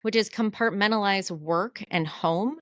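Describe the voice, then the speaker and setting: A woman co-hosting a podcast, talking in a candid, animated, self-deprecating way in casual chat. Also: mid-range voice, measured pace, no echo. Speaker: podcast co-host.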